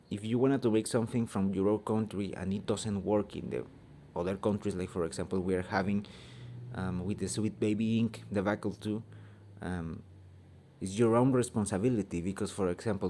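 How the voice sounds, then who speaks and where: Halting Mexican-accented man, low mellow voice. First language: Spanish. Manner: halting, searching for words, many ums; blunt, swears freely. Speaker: channel host. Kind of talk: opinion vlog rant.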